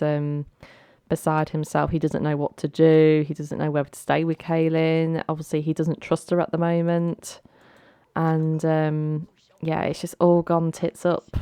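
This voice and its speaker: Woman, let's play host, low voice, chatty dramatic storytelling, dry close recording. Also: a little mellow, clear, resonant tone, no echo. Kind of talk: casual gameplay commentary.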